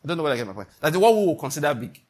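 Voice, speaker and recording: A man's voice: a little high, big pitch swings, very fast. A middle-aged Nigerian man preaching a sermon, emphatic, asking the listeners questions and acting out little scenes.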